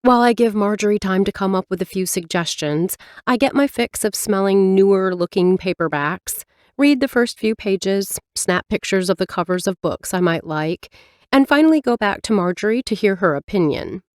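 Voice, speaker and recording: A woman's voice: mid-range voice, moderate pace, no room sound, clean studio sound. A woman reading a first-person romance audiobook in a light, reflective storytelling manner. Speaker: audiobook narrator.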